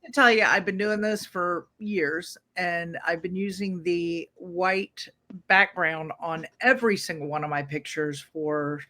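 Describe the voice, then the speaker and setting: A woman's voice: on the low side, unhurried, bright, forceful tone. A woman co-hosting a podcast, chatting casually and telling a story with self-deprecating laughs. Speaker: podcast co-host. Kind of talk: casual chat.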